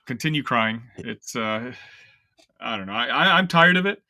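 A man's voice: medium pitch, lively intonation, moderate pace, bright, forceful tone, no echo. A young man co-hosting a sports podcast, ranting in casual, exasperated chat full of fillers. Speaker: podcast co-host.

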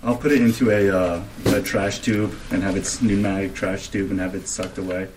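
A man playing a tabletop game in character, joking in a deadpan way. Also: low-pitched, normal speed, noisy background. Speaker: player.

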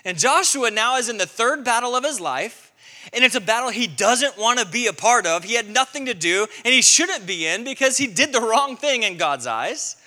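Animated preacher man in a reverberant hall. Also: very high-pitched, normal speed. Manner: animated storytelling, acting out quotes. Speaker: pastor. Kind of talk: sermon.

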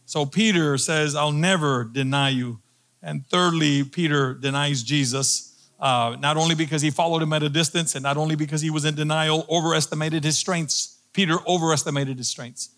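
A man's voice: fairly high pitch, steady tone, brisk, a bit bright. A middle-aged male pastor preaching a sermon, building emphasis through repeated phrases and calling on the congregation to repeat lines. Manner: preaching with rising emphatic repetition and audience call-and-response.

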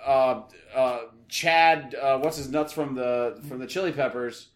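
A man's voice: medium pitch, steady tone, unhurried. A man co-hosting a podcast, chatting casually with blunt, profane opinions. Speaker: podcast co-host. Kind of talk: casual chat.

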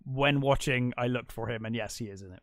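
A man's voice: mid-range voice, brisk, no echo, clean studio sound. A man co-hosting a film podcast, retelling scenes in casual chat with frequent restarts. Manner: chatty, recaps scenes with frequent restarts and laughs. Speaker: podcast co-host.

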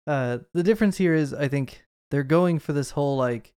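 A man's voice: fairly high pitch, normal speed, dark tone, clear, resonant tone, no room sound, studio quality. A man co-hosting a podcast, talking through a movie in a rambling, casual way with lots of asides. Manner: chatty, rambling with fillers and asides. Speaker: podcast co-host.

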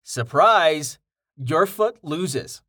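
A man's voice: a little high, lively intonation, extremely slow, bright, forceful tone, voice pushed up, exaggerated voice. A man voicing a sarcastic young adventurer in an audiobook, with a raised, quipping delivery. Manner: dry, sarcastic quips. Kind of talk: audiobook character voice.

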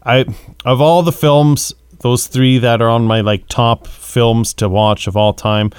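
Smooth-voiced man, measured podcast co-host, dry close mic. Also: medium pitch, fairly even intonation, darkish tone, no room sound. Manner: rambling, searches for words, measured. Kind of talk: casual movie discussion.

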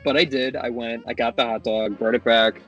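A man's voice: medium pitch, steady tone, brisk, fairly bright tone, highs cut off, faint music behind. A man in his thirties or forties, a father, telling a long story with exasperated asides in a casual chat.

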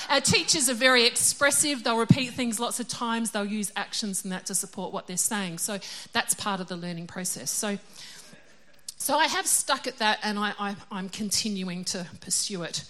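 A woman's voice: mid-range voice, normal speed, bright, forceful tone. A middle-aged woman giving a casual, chatty sermon. She is self-deprecating and laughs often. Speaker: preacher.

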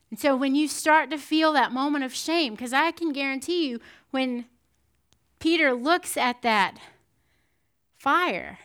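A woman giving a sermon in a conversational, animated storytelling manner, often checking in with the listeners. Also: sits high. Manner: animated storytelling with frequent "right?" asides. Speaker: preacher.

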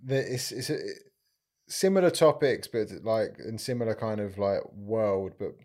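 A man's voice: fairly low pitch, unhurried, darkish tone. A man who co-hosts a comedy podcast, chatting casually and hesitantly, often restarting. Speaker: podcast producer and co-host.

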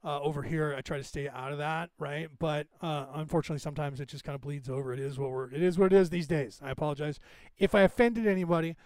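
A man's voice: a little high, fairly even intonation, fast, darkish tone, no echo. A man in his fifties hosting a podcast, rambling casually through anecdotes and laughing often. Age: 50s. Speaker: podcast host.

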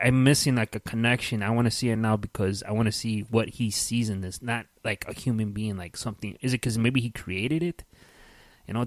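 A man's voice: fairly low pitch, no room sound. A man in casual podcast chat, joking and swearing loosely with many fillers.

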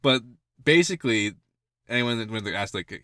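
A man co-hosting a podcast in casual chat, animated and laughing often through his jokes. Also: fairly low pitch, no room sound, clean studio sound. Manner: animated, laughs often mid-sentence, quick jokey asides. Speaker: podcast co-host.

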